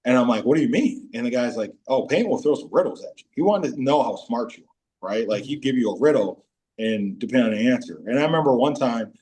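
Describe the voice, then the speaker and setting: A man in his forties, a former pro football player, telling animated stories as a podcast guest and breaking into high-pitched voices when quoting teammates. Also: fast talker. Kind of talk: casual storytelling interview.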